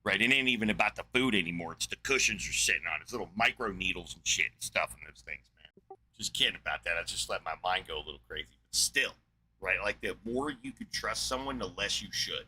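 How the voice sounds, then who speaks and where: Poor audio with a little hiss or hum captures an angry solo podcast rant from a man in his forties from New Mexico, USA. His deep voice is expressive, brisk and sharp, and he rambles through asides while swearing heavily throughout.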